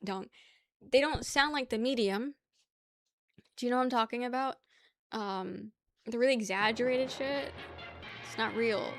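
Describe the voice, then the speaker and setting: A woman's voice: a little high, measured pace, long pauses, faint music behind. A young woman from the New York area chatting casually with her stream chat, joking, laughing and rambling.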